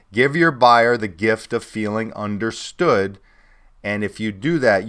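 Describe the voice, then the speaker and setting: Low-voiced man coaching sales calls. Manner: coaching, acts out sample calls in a brighter voice. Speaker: sales trainer. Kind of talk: recorded course lesson.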